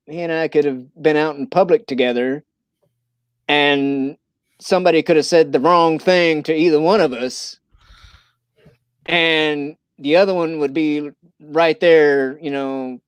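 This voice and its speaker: Rambling man with a smooth dry voice. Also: fairly high pitch, dry recording. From Missouri. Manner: rambling, many fillers and restarts. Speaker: livestream host. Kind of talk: casual chat.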